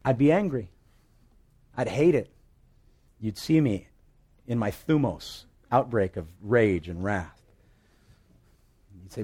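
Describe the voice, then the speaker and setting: A pastor preaching a conversational sermon full of vivid illustrations, swinging between loud emphatic phrases and quiet asides. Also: male voice, fairly low pitch, lively intonation, takes it slowly, long pauses, slightly rough.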